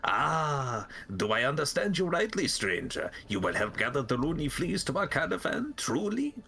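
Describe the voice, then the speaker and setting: A man's voice: a little high, huge pitch swings, gravelly, sharp tone, slight background noise, pitched above the performer's own voice, heavily acted. A man putting on a grand flea caravan leader with a mock French accent. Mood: eager. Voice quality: clumsy mock French accent drifting into Russian. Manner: slow, grand and courteous. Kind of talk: voicing game characters on a live stream.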